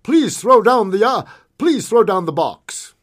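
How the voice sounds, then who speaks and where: A man's voice: on the high side, sing-song, slow, exaggerated voice. A man voicing a polite but firm masked stagecoach bandit in a told story. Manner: firm, distinctive, polite demands.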